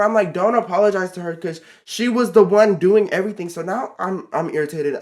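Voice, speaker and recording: A teenage guy with a slightly higher than usual voice tells a storytime vlog. He talks casually and gets worked up, leaning on fillers and repeating himself as he recounts things. It sounds like a vlog. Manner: animated, exasperated storytelling with many fillers. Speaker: vlogger.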